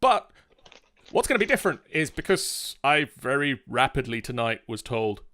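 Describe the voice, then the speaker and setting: A man hosting a tabletop game stream, chatting in an animated, self-mocking way at his desk mic. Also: mid-range voice, moderate pace, no echo. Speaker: host and dungeon master. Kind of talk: casual stream chat.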